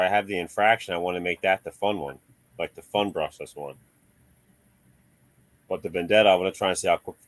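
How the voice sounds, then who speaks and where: A chatty, easygoing man talking shop with a friend. His voice sits on the low side and sounds close and dry, with no room around it. He laughs easily and drifts between topics. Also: dry recording. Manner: laid-back, chatty, laughs often. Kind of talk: casual chat.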